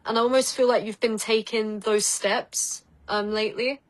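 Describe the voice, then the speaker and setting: A woman's voice: a little high, fairly even intonation, moderate pace, poor audio. A woman with an Essex English accent, a psychic guest chatting casually on a podcast and giving tarot readings with lots of "like" and "um". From Essex, England. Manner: chatty, laughs easily, many "like" and "um" fillers.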